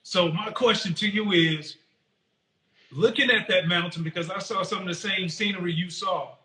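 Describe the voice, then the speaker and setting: A man's voice: high voice, moderate pace, bright, forceful tone, echoey room, rough recording. A podcast host, a man, asking a long, winding interview question.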